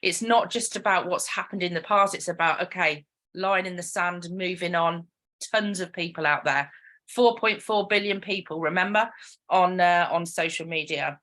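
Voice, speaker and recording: A woman's voice: on the low side, normal speed, bright, forceful tone. A young British woman giving a chatty, upbeat online talk on social media.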